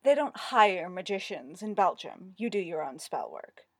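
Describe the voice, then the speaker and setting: A woman's voice: lowish voice, very animated, normal speed, slightly rough, dry recording, clean studio sound, heavily acted. A woman reading as a pompous male stage director. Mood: smug. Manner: condescending, self-important.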